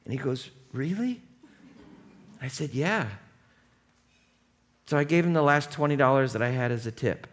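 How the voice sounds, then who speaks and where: A male pastor preaching a sermon in a loose, conversational way, telling a personal story and breaking into shouts. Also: mid-range voice, quick pace, hardly any pauses. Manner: animated, conversational, bursts into shouts. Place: church.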